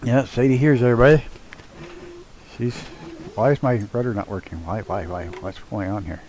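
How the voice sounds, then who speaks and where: A man's voice: mid-range voice, fairly even intonation, moderate pace, darkish tone, slight background noise, low-quality recording. Casual male streamer, mid-range voice, loose and profane, narrating his own flying to viewers. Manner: loose, swears freely, chats with viewers while doing cockpit tasks. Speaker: live streamer. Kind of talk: casual live-stream chat while flying a flight sim. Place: at home with his dog nearby.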